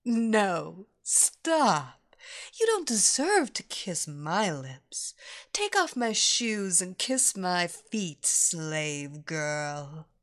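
Commanding young hypnotist woman, slow and hushed, lively pitch, drawn-out delivery, as read by a woman narrator. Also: full character voice. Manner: slow, commanding, half-whispered.

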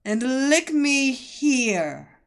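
A sultry, seductive temptress who gives orders in a slow, purring drawl, as a woman narrator puts her on. Her pitch swoops freely as she toys with her listener. It is an audiobook character voice. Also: big pitch swings, full character voice. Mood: sultry, commanding.

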